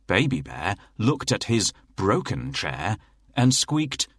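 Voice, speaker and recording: A man narrating a children's fairy tale in a slow, expressive storytelling manner. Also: fairly low pitch, breathy edge, no room sound.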